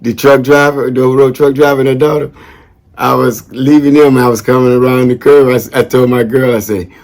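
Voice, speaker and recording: A man's voice: mid-range voice, steady tone, a little fast, a little mellow. A man casually talking to camera as a vlogger, upbeat and rambling, with lots of slang and a habit of tacking "man" onto his sentences. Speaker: vlogger shouting out veterans.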